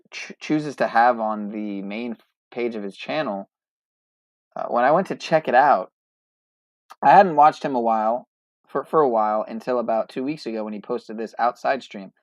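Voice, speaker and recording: A man's voice: mid-range voice, no room sound, highs cut off. A man hosting a podcast in casual chat, rambling and hesitant, often restarting his words. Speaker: podcast host.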